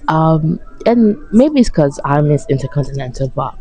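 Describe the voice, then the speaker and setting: Ranting casually to camera, a weary woman mocks a reality dating show with blunt sarcasm and plenty of profanity. Her low voice has vocal fry and a dark tone at a moderate pace, in a low-quality recording.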